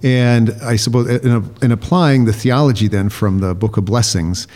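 A man co-hosting a podcast, explaining church practice in a measured, chatty way with fillers. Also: mid-range voice, fairly even intonation, darkish tone. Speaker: podcast co-host. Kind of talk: casual chat.

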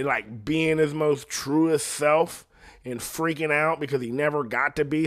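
Young adult man, loose profane rambling chat, voice sits a bit high, laughs easily. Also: a bit bright. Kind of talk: casual chat.

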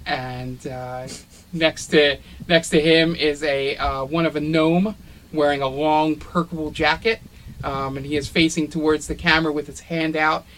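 This game master's voice is a little high with a fairly bright tone, captured on a rough recording. He narrates scenes from a tabletop role-playing game in a descriptive way, heavy with ums and uhs.

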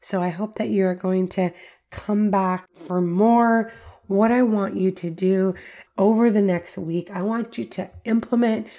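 A woman's voice: medium pitch, fairly even intonation, a little slow, dark tone. A middle-aged woman hosting a podcast, giving instructional parenting talk in a conversational way with frequent "like" fillers. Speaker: podcast host.

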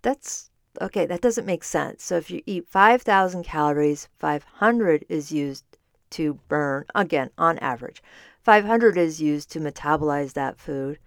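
A woman coach talks straight into a close mic in a dry, unechoing recording. Her voice sits on the low side, and she explains in a chatty manner, often catching and correcting her own words. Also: unhurried, no echo. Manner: explanatory, conversational, self-correcting. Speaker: podcast host, fitness and nutrition coach. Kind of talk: solo podcast talk. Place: standing while recording.

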